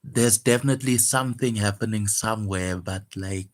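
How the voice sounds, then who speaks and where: In a casual, reflective monologue, a man discusses a poem he wrote, speaking softly, wistfully and guardedly with many fillers and restarts. His voice is lowish at a moderate pace.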